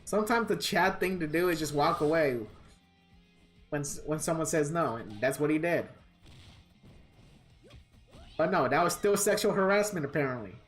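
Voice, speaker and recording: Soft music plays behind a deep-voiced woman who talks fairly quickly and animatedly as she streams a fighting game. The gaming livestreamer keeps up a casual, blunt, swear-filled rant and laughs at her own complaints.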